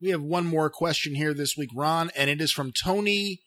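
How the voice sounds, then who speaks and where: A man's voice: fairly high pitch, moderate pace, pushed and bright, dry recording, clean studio sound. A man hosting a podcast, reading out a listener question in a chatty way. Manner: chatty, unsure of a name. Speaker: podcast host.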